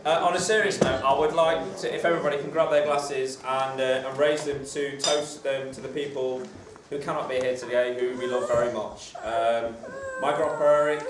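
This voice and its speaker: A man's voice: medium pitch, fairly even intonation, normal speed, hardly any pauses, noisy background. A man giving his groom's speech at a wedding reception, hesitant, with lots of fillers and jokes. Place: crowded reception hall. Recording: echoey hall, recorded from far off.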